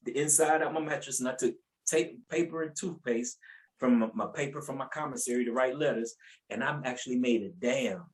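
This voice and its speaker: Speaking fairly quickly in a medium-pitched voice, a man gives his faith testimony as a podcast guest, talking colloquially, repeating words, and raising his voice to act out people's quotes with animation. The recording is low quality.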